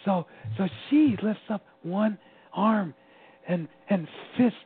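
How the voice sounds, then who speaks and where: A man giving an animated, personal account as an interview guest, often laughing as he tells it. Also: high-pitched, slow pace, husky. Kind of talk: personal storytelling. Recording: tinny phone-line sound with faint hum.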